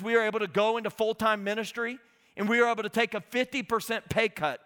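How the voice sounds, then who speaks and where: A middle-aged man with a high, bright, ringing voice preaches as a guest speaker in a church auditorium. He tells his story with animation, acting out his own conversations with God. The tone is clean, and a big hall's long reverb trails each phrase.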